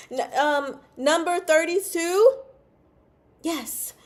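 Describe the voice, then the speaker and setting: A woman's voice: extremely high pitch, drawn-out words. A woman hosting a casual livestream chat about a novel, laughing often and reading out chat comments. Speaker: book club host.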